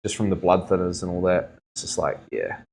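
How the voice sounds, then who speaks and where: A man's voice: low-pitched, a little fast, gravelly, a little mellow. A young man, a tattoo artist chatting casually on a stream and telling rambling stories full of slang. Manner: laid-back, rambling storyteller full of "like", "bro" and "eh". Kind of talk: casual chat.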